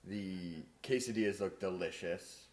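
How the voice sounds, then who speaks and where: A young man reading out live viewer comments in a halting way with filler words, his mic too far from his mouth. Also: sits low, darkish tone. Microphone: mic held too far from mouth.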